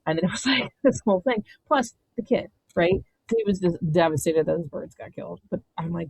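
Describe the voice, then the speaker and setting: Fast-talking gravelly woman telling a salty story. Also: on the low side, no echo, rough recording. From Maryland, USA. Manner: blunt, salty, swears freely, animated storytelling. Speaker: podcast guest, vineyard owner. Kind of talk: casual chat, storytelling.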